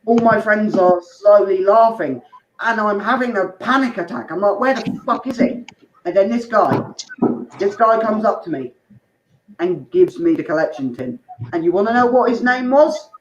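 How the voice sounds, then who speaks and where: A male stand-up comic rambles through a crude story, tossing quick asides to the crowd. His voice comes through muffled and dull, bouncing around an echoey room over a faint hiss. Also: high-pitched. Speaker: stand-up comedian. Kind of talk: open mic stand-up set.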